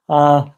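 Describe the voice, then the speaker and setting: A man's voice: a little high, muffled recording. A middle-aged man with an English accent chatting candidly on a live stream, rambling and reading viewer comments aloud. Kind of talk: casual live-stream chat.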